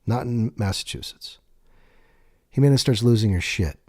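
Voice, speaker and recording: A man telling his own life story in a candid, profane way, slowing down on emphatic words. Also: on the low side, a little mellow, no echo, clean studio sound. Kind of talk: personal storytelling monologue.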